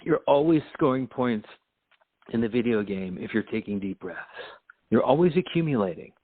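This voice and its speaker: A man's voice: medium pitch, lively intonation, normal speed, no echo. A man hosting a podcast in a rambling, profane monologue that comes off as preachy, laughing often as he talks. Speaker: podcast host. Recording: phone-like lo-fi sound, dry.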